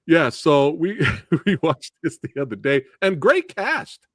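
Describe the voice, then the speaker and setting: A man hosting a casual movie discussion show, excitable and laughing often as he talks. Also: a little high, measured pace, few pauses, no room sound, clean studio sound. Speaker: podcast host.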